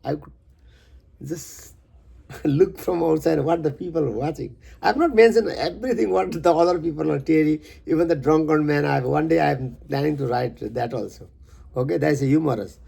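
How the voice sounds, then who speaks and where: A man who is a poet, reading his poem verse by verse and stopping for halting, rambling asides. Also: on the high side, vocal fry, mellow, husky.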